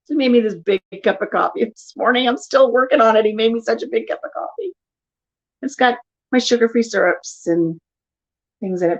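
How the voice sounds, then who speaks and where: Older woman vlogger at home, chatty and animated storyteller, slightly dull lo-fi recording. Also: on the high side, brisk. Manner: animated storyteller who acts out quotes. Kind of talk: casual chat. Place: home living room.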